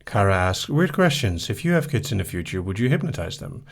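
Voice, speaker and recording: Easygoing man with a lively, low voice. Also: brisk, creaky. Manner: soft-spoken, easygoing, reads each question aloud then answers briefly. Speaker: hypnotist hosting a live stream. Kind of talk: casual live Q&A reading viewer questions.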